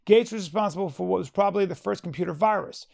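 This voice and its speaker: A man co-hosting a casual podcast, arguing in an exasperated way and slowly reading search results aloud. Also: sits high, gravelly, darkish tone. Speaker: podcast co-host. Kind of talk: casual argumentative chat.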